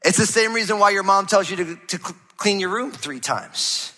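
A man preaching a sermon as pastor, animated, swinging between loud emphasis and hushed low passages. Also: normal speed. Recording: reverberant hall.

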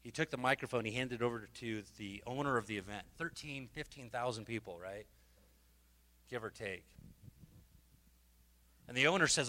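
A man preaching a sermon from a festival stage, fervent and emotional, swinging from loud exhortation to hushed talk. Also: mid-range voice, normal speed, long pauses, long reverb tail. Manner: emotional, repeats and restarts words.

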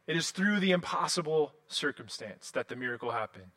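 A man in his thirties preaching a sermon in a casual, animated storytelling way, full of "like" and restarts. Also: on the high side, fairly quick. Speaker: pastor.

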